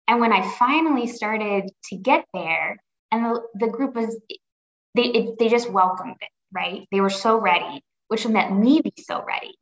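Woman guest, reflective and earnest, mid pitch, echoey lo-fi remote audio. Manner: earnest and reflective, pausing to rephrase. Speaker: podcast guest. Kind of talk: personal story in a podcast interview. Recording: roomy, dull lo-fi audio.

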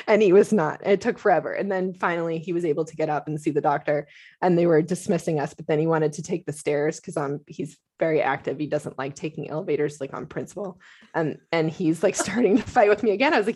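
A middle-aged woman co-hosting a casual chat podcast, telling stories in an animated way and laughing often. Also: lowish voice, fast, husky. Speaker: podcast co-host.

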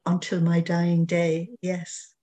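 A woman quoting a gentle old Irish priest. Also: on the low side, monotone, slow pace. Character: elderly male priest, gentle and kindly scholar.

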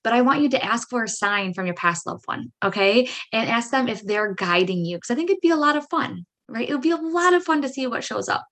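A woman hosting a podcast who tells a personal story in a chatty way. She says "like" and "right?" a lot and acts out her own excited reactions. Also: fairly high pitch, a little fast, hardly any pauses. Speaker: podcast host.

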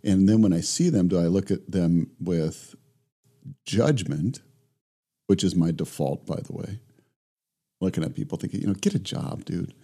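A middle-aged man, a guest in a remote interview, telling stories in a lively conversational way and acting out both sides of his conversations. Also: low voice, normal speed, pauses often, breathy edge. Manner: animated storyteller who acts out both sides of conversations. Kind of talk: reflective conversational storytelling.

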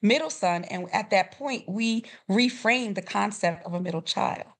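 A woman in her fifties, a grief coach, telling a personal family story with expressive swings and laughter. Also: moderate pace. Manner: expressive, rising to high emotional peaks with laughter. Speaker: grief coach, interview guest.

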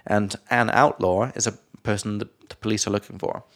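Co-hosting a podcast, this young English teacher from England breezes through vocabulary explanations with jokes in between, laughing and putting on silly voices. His voice is fairly low and a little fast, with fairly even intonation.

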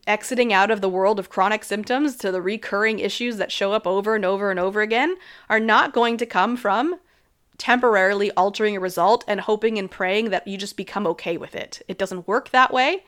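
A woman's voice: mid-range voice, brisk, fairly bright tone, smooth. A woman in her thirties talking alone as a host in a casual way about health and habits, frank and chatty, filling her speech with "like" and laughing often.

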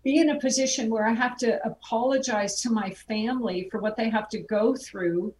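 A female guest filmmaker speaking heartfelt and reflective in a conversational interview. Her slightly high voice sounds set back from the mic in a roomy space, with faint noise underneath. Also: normal speed, darkish tone, recorded from a distance.

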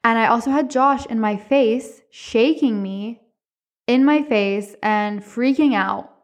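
A woman hosting a podcast, telling a personal ghost story in a chatty, animated way. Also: on the high side, takes it slowly. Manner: chatty, animated retelling with profanity. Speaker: podcast host. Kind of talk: casual storytelling monologue.

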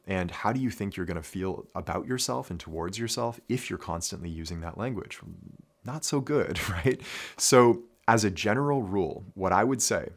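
Deep-voiced man coaching athletes' mindset. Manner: earnest, repeats key phrases, frequent "right?" and "okay?". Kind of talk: instructional talk to athletes.

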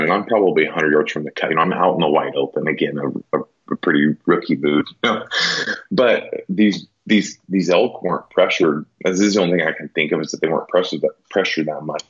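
Husky and bass-deep yet fairly bright in tone, this elk hunter talks at a normal speed as a podcast guest, rambling through a hunting tale with plenty of "like" and "you know." The recording is dull and lo-fi.

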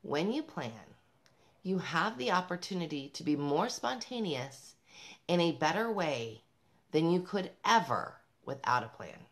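Talking a little slowly in a fairly low, very animated voice, a mother vlogger encourages other moms straight into the camera. She's upbeat and emphatic, with laughter breaking up her points.

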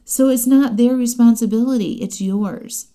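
A woman's voice: on the high side, moderate pace, dark tone. A middle-aged woman coaching her listeners in a chatty, direct way, often laughing as she talks. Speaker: life coach. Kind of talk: podcast-style coaching talk.

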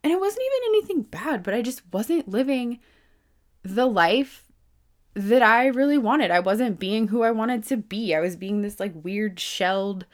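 A woman around thirty hosting a podcast, talking casually in a self-help monologue, full of "like" and free swearing, with emphatic jumps in pitch and loudness. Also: expressive, measured pace. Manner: chatty, lots of "like", swears freely, emphatic swings in pitch and loudness. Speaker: podcast host.

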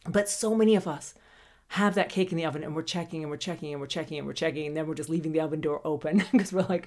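Woman doing a solo pep-talk podcast, lowish voice, acts out little voices, laughs a lot. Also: quick pace. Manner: animated, acts out quoted inner voices, laughs often. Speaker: podcast host.

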